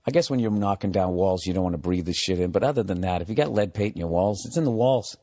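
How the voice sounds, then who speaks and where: A man's voice: low-pitched, fast talker, mellow, no echo, studio quality. A man hosting his own podcast from a room at home, ranting sarcastically and swearing a lot. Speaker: podcast host. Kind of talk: solo comedic podcast rant.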